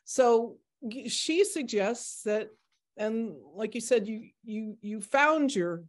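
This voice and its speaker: A woman's voice: a little high, expressive, slow. Chatty woman in her sixties. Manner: chatty, rambling with many fillers. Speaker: artist presenting her exhibition. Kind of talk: casual Q&A discussion.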